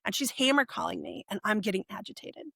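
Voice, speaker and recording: A woman in her forties, a podcast guest, telling her personal story in a lively way and acting out what people said. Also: medium pitch, quick pace, vocal fry, no echo, studio quality. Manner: animated, acts out quoted speech.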